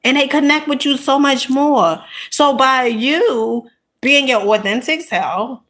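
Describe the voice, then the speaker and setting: Woman vlogger, slightly high pitch, emphatic, chatty storyteller with frequent "honey" and "okay?" asides. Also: slow pace, fairly bright tone. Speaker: content creator. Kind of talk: casual storytelling monologue.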